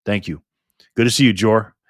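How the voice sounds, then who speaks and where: A man's voice: fairly low pitch, fairly even intonation, moderate pace, no room sound, studio quality. A man hosting a casual live stream, greeting viewers by name and reading chat aloud in a friendly, chatty way while recovering from illness.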